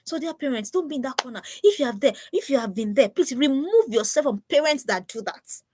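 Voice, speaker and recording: A woman's voice: high voice, animated, a little fast, darkish tone, breathy edge. A woman giving an earnest, preachy live talk to parents, often repeating herself. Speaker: parenting speaker.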